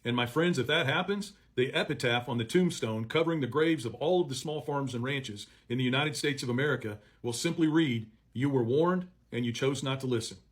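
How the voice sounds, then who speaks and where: A man making an earnest, measured appeal to farmers and ranchers. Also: mid-range voice. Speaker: advocate addressing farmers. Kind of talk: earnest speech to camera.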